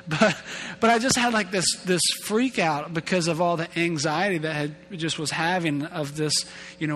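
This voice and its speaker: A male pastor delivers a chatty, self-mocking sermon in a somewhat high voice. His words trail off into a long hall reverb. A faint hum sits underneath. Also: moderate pace, fairly bright tone. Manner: casual, self-deprecating, repeats and restarts words. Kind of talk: conversational sermon.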